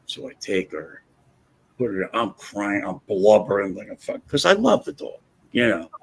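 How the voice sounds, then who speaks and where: A husky-voiced man hosting a casual livestream, telling a story bluntly and with plenty of swearing. His pitch swings widely as he gets animated, and his tone stays loose and conversational. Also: normal speed. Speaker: livestream host.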